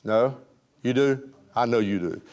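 A man's voice: mid-range voice, unhurried, darkish tone. A male pastor preaching a sermon, folksy and joking, chatting with his congregation. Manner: folksy, joking, chuckling with the crowd.

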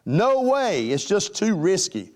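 A preacher putting on a jittery teenage girl, pitched well up from his own voice, stammering and protesting. She is fretful and breathless with worry, a bit of storytelling from a sermon. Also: sing-song, slow, a little mellow, heavily acted. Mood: alarmed. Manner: pleading, flustered, stammering. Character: nervous young girl refusing a kiss.

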